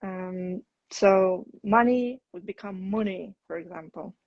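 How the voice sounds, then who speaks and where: A woman's voice: mid-range voice, measured pace, dry recording. Woman teacher explaining on a dull dry line. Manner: explains patiently, frequent ums. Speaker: English teacher. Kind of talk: casual live chat.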